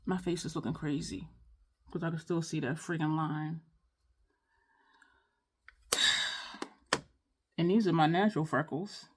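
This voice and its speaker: A woman's voice: low-pitched, steady tone, slow pace, long pauses, husky. A woman, chatting casually in a makeup tutorial, rambling and apologetic, with sighs and many restarts. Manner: frustrated, rambling, apologetic, repeats herself. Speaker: beauty vlogger.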